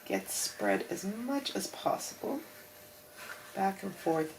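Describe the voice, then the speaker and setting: Gravelly-voiced woman crafting. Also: medium pitch, huge pitch swings, slow, a little hiss or hum, poor audio. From Australia. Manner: chatty, rambling, self-deprecating, with frequent fillers. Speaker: craft tutorial host. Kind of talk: casual crafting tutorial.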